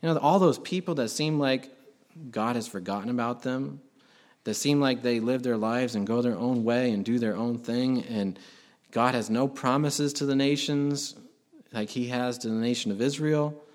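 Male pastor, mid-pitched voice, conversational sermon with sudden emphatic swells. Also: moderate pace, a little mellow.

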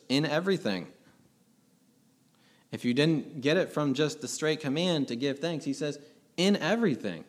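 A middle-aged man, a pastor, preaching a sermon in an earnest, emphatic way, asking rhetorical questions. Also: fairly high pitch.

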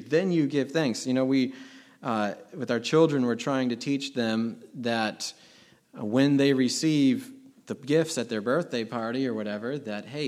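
A middle-aged man preaches a sermon with a voice of middling pitch. He speaks earnestly and with emphasis, often asking his listeners rhetorical questions. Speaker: pastor.

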